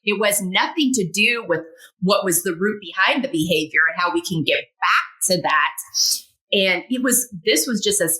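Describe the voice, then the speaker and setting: A woman hosting a podcast interview, affirming her guest often with quick agreements and laughter. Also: mid-range voice. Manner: warmly affirming, frequent short agreements. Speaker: podcast host. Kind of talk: casual interview chat.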